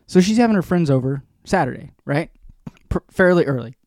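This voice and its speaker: A man in his forties telling a long rambling story in casual chat, animated and profane, as a podcast co-host. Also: a little high, brisk, no echo, studio quality.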